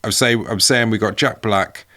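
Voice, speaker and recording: A man's voice: lowish voice, fairly even intonation, moderate pace, pushed and bright, no echo. A man co-hosting a podcast, joining in comedic banter with dry, whimsical wordplay. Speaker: podcast co-host.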